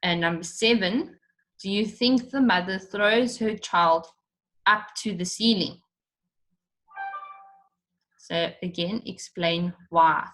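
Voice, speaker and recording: Slow, patient woman teaching a lesson. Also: medium pitch, fairly bright tone. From South Africa. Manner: patient, explains step by step, repeats questions. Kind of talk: recorded online lesson for children.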